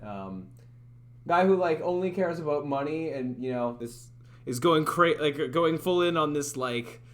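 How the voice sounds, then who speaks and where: On the high side and a bit bright, this male streamer's voice carries a casual livestream chat. He's making a game live, rambling along, doubting himself, and laughing at how his attempts turn out.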